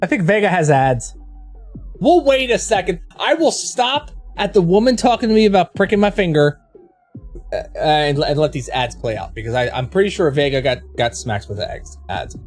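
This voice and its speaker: Animated, frank storytelling game streamer. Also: mid-range voice, moderate pace, faint music behind. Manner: rambling, frank storyteller with swearing and restarts. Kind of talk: casual chat with viewers while streaming.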